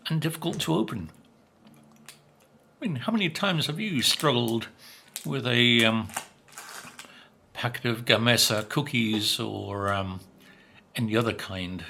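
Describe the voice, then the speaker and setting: Gravelly older man tasting biscuits. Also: medium pitch, sharp tone, a little hiss or hum. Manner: chatty, unhurried, musing with many fillers. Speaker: vlogger. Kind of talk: casual food review.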